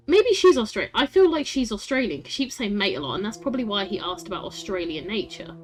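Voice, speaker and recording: A woman's voice: fairly high pitch, sing-song, fairly quick. Woman, game streamer, chatty, laughs a lot, faint music behind. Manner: chatty, laughing, swearing, talks to chat. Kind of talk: casual game stream, reading aloud.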